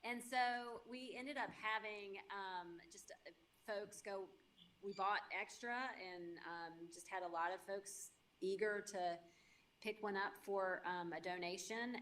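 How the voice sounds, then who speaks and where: A woman speaking as a guest in a laid-back interview. She talks in an easygoing way, pausing on small fillers. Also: mid-range voice. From Indiana. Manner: relaxed, with fillers. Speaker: mayor candidate, guest. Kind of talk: casual interview.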